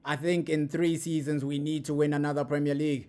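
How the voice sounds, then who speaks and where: A man hosting a fan live stream, reacting to an interview in a loud, animated way and repeating his points often. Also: a little high, fairly quick. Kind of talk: casual live-stream commentary.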